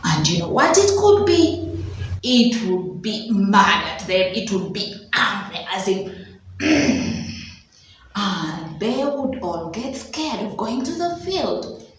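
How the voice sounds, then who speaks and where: Echoey, slow, lively woman teacher. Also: mid-range voice, slight background noise. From Uganda. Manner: animated, sing-song storytelling with gasps and exclamations; slow, drawn-out sounding of letters. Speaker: preschool teacher. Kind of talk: children's phonics lesson with storytelling. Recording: very echoey room, voice from far off.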